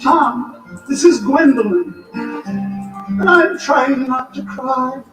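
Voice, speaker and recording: A man's voice: very high voice, lively intonation, drawn-out words, voice pushed up, exaggerated voice. A man voicing a tearful jilted woman who leaves a phone message, singing it in a raised, quavering tone. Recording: echoey and distant, guitar playing.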